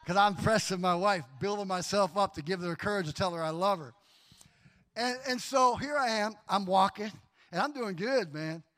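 A middle-aged man preaches in a church, voice pitched high for a man. He tells his story with animation, laughing and acting out the other voices as he goes. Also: moderate pace, fairly bright tone. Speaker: pastor. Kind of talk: sermon with personal story.

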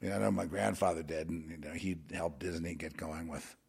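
A man rambling through a monologue, halting and repeating words, dropping to mutters and then rising into heated outbursts. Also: low-pitched, steady tone, gravelly, a little mellow, slightly rough.

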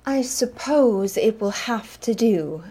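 A woman's voice: fairly high pitch, lively intonation, normal speed, darkish tone, lightly acted. A woman voicing a haughty, fussy wife who snaps and sniffs in disdain. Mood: grudging.

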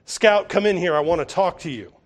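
A man's voice: high-pitched, animated, fairly quick. A man voicing a stern, no-nonsense housekeeper woman who scolds firmly. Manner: scolding, firm and commanding.

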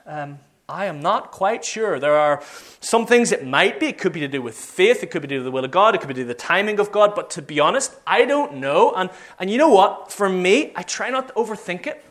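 Animated man preaching. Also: sits high, a little fast. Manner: animated, acts out quoted voices. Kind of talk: sermon storytelling.

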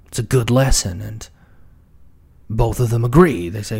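A man's voice: lowish voice, moderate pace, creaky, long pauses, a little mellow, breathy edge. A man giving comedic commentary on a children's book, often stammering and repeating words and dropping into whispered asides. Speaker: book reviewer.

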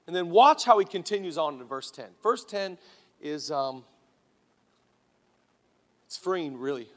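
High-voiced fervent male preacher. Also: expressive, a little slow. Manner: fervent preaching, alternating loud exhortation and quiet emphasis. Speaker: pastor. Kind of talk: sermon. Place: church auditorium. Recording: reverberant large church hall.

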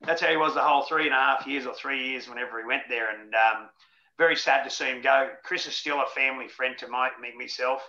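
A man's voice: mid-range voice, fast, bright, forceful tone. Blokey man, frank and jokey. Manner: blokey, frank and jokey, laughs through anecdotes. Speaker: interview guest, former rugby league player. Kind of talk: casual storytelling interview. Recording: roomy, slightly dull audio.

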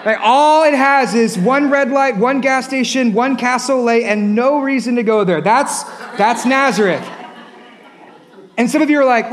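A man's voice: very high voice, unhurried. A man preaching a sermon as a pastor, emphatic and repetitive, rising and dropping his voice for effect.

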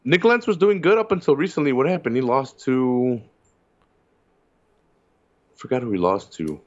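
A man co-hosting a casual fight-sports podcast, talking excitedly and swearing casually. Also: medium pitch, moderate pace. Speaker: podcast co-host. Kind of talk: casual chat. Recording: slightly dull lo-fi sound.

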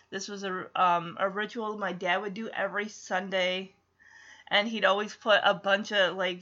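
A woman's voice: mid-range voice, sharp tone, lo-fi sound. A woman vlogger chatting casually while recapping a sitcom, rambling into asides and giggling. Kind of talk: casual chat.

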